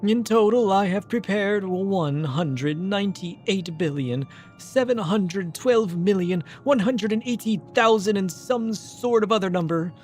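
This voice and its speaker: A man reading the lines of a solemn, otherworldly ghostly creature in a stately, measured way. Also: high voice, darkish tone, soft background music, voice pushed up.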